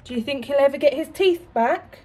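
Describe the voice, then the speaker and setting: A woman teacher reading a picture book to young children, expressive and asking them questions. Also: high-pitched, fairly quick.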